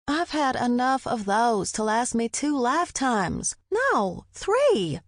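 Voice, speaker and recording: A woman's voice: medium pitch, sing-song, measured pace, no echo, clean studio sound. A woman narrator voicing the stubborn young heroine in a whiny, protesting tone. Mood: pouty.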